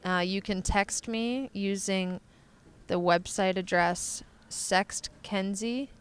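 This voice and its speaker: A young woman from Michigan speaks with a light Michigan accent and a very smooth, clear voice. She is an easygoing podcast guest who laughs readily. Her pitch sits in a natural middle range. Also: takes it slowly. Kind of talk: casual chat. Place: convention floor.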